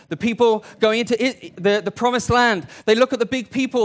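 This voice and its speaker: A man preaching a sermon in an animated way, acting out the voices he quotes. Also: high voice, brisk, few pauses.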